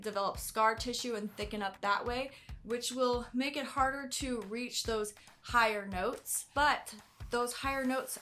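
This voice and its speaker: A woman's voice: fairly high pitch, a bit bright. An American woman, a singing teacher, explaining vocal anatomy in a casual way and often hedging with "kind of". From United States.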